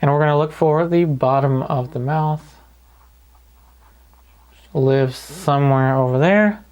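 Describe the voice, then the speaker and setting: A man calmly talking through each step of a painting lesson in an easygoing way. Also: a little high, slow, lo-fi sound. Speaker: painting instructor. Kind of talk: paint-along tutorial narration.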